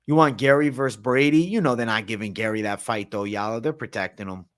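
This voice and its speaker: Brief: man, livestream host, relaxed slangy chatter, mid-pitched everyday voice. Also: fast. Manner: slangy, laid-back, chatty. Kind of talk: casual late-night livestream Q&A.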